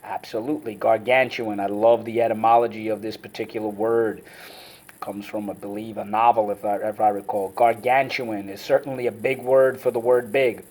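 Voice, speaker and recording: Energetic male teacher drilling vocabulary. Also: lowish voice, moderate pace. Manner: energetic, chants words syllable by syllable. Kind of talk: vocabulary lesson with call-and-response drills.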